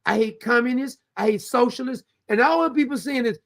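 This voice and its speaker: A gravelly-voiced man hosts his own show in an angry political rant. He is blunt, heated and profane, and he hammers each point home like a preacher. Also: very high-pitched, lively intonation, fast, few pauses. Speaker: show host.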